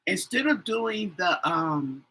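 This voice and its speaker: Slow, husky woman tarot reader. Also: fairly low pitch, animated, pushed and bright, low-quality recording. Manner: chatty, rambling, many fillers and repeats. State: yawning often. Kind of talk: casual live tarot chat.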